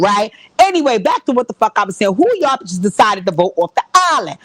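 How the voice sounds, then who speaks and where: Woman, higher voice, dry close sound, casual profane recap, lively. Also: fairly quick, no echo. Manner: animated, profane, talks straight to viewers. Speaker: show recap host. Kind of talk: casual reality-show recap.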